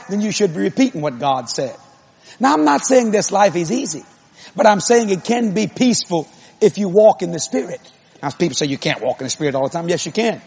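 A man preaching a sermon, moving between conversational asides to the congregation and loud, emphatic repeated lines. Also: high-pitched, gravelly, husky.

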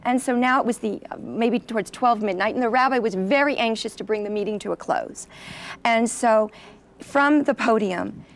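A middle-aged woman recounts a personal story for an interviewer. Her voice is slightly high with a gravelly fry, and she brings it to life by acting out the people she quotes. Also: moderate pace. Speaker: interview guest. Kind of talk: personal testimony.

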